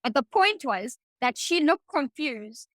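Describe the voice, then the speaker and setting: A young South African woman tells a story on a podcast with a bright, high voice that climbs as she gets into it. Her sound is close and dry, with no room around it. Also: unhurried, dry recording. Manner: animated, rising voice when telling a story. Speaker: podcast co-host. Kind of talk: casual chat, storytelling.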